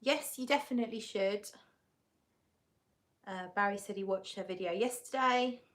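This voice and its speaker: A woman's voice: medium pitch, moderate pace. A woman hosting a live stream, chatting casually as she reads out viewer comments, giggly and often correcting herself. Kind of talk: casual chat.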